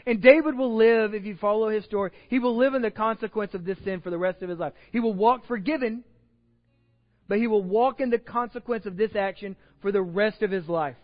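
A male pastor delivers a sermon in a high voice, retelling scripture stories in loose everyday slang with lively storytelling energy. His voice rings through a reverberant church sanctuary with a long tail of echo. The sound is a little dull and muffled. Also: brisk, faint music behind.

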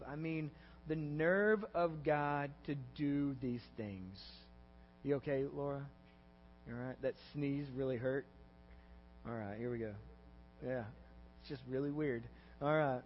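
A pastor preaching a conversational sermon, acting out scripture quotes with feeling. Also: male voice, medium pitch, measured pace, pauses often, in a large hall, muffled recording, a little hiss or hum. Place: church sanctuary.

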